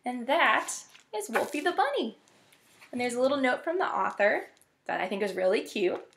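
A woman librarian reading a children's picture book aloud in an expressive, playful way. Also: on the high side, moderate pace, creaky, a little hiss or hum.

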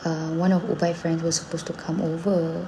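A woman in her thirties with a Malaysian accent, chatting casually and telling animated stories, switching between English and Malay mid-sentence. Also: sits low, fairly quick, noisy background. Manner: animated storytelling, acting out her son's lines. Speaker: singer and mother. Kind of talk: casual chat.

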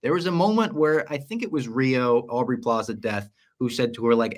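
On a casual podcast, a young male co-host gives a long recap of a series, animatedly acting out the quoted lines as he goes. He speaks at a brisk clip in a medium-pitched voice, with hardly any pauses.

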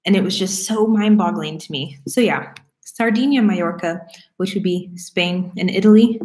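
A young woman from Florida, casually answering viewer questions at home, chatty and animated, laughing often. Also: on the low side, normal speed. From Florida, United States. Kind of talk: casual Q&A chat. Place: room at home. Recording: roomy echo.

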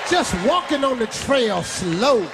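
Loud high-voiced male stand-up comic. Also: takes it slowly, a loud crowd. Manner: loud, animated storytelling with shouted punchlines. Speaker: stand-up comedian. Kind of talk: stand-up comedy routine. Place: large theater with live audience. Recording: live stage recording with audience laughter and noise.

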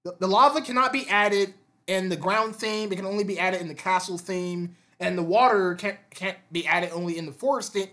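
A man's voice: sits high, fairly quick, sharp tone. A man giving an unscripted gaming commentary, stammering and repeating words as he fires off exasperated rhetorical questions. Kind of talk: unscripted opinion monologue.

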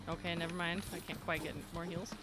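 A woman streaming a video game live, talking to the game in animated bursts of chatter. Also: on the low side, a little fast, over loud music. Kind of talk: live game-play commentary.

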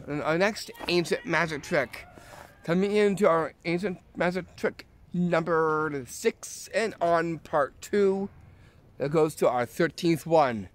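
A man hosting a casual magic trick tutorial, eager and showing each step as he goes. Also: fairly high pitch. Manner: eager, repeats "like this" while demonstrating.

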